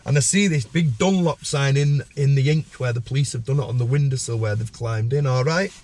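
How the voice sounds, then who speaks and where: A man telling a story as a podcast guest, lively and jumping up in pitch when he acts out other people's lines. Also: a little fast. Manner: animated storyteller, acts out voices with sudden high pitch.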